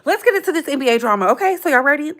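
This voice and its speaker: A woman's voice: sits high, racing. Chatty woman hosting a livestream. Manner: chatty, animated, slangy, calls viewers "baby". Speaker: livestream host. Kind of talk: casual commentary livestream.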